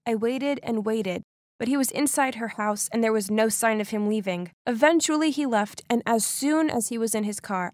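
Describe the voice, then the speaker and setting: Young woman, first-person story narrator, expressive and dramatic, fairly high voice, dry close sound. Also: dry recording.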